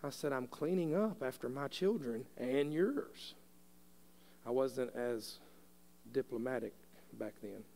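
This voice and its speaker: A middle-aged man, preaching a sermon as a pastor. He tells a folksy family story, then rises into forceful preaching. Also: medium pitch, takes it slowly, vocal fry, long pauses.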